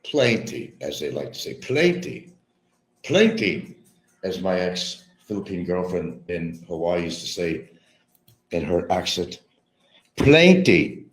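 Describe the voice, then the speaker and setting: A middle-aged man ranting bitterly on a livestream, repeating himself, mocking others and swinging between low mutters and loud outbursts. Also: steady tone, moderate pace. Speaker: livestream host. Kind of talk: rambling livestream rant.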